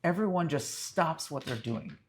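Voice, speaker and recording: Rabbi man telling stories to a room full of people, earnest and heartfelt, voice kinda high for a guy. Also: lively intonation, normal speed, breathy edge. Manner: earnest, storytelling. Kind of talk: inspirational talk at a prayer service. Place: room with a live audience.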